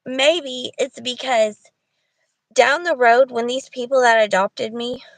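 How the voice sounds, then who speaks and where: A woman talks through her plans in a loose livestream chat, rambling and thinking aloud to her viewers. Her voice sits a little high. The sound is close and dry. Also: takes it slowly, no room sound, low-quality recording. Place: Walmart parking lot.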